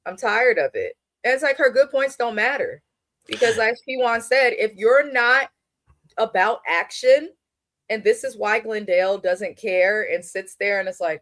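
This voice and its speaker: A woman's voice: mid-range voice, moderate pace, a bit bright, no room sound. A woman co-hosts a casual reality TV recap in a blunt, opinionated tone and drops swear words freely. Her voice sits close and dry, with no room sound. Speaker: podcast co-host.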